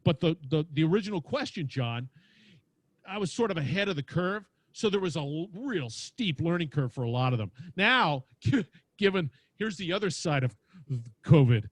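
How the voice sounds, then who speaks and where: A man with a big booming voice telling stories animatedly as a podcast guest, acting out quotes as he talks. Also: animated, moderate pace, no room sound. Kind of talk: lively storytelling interview. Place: home studio with lights.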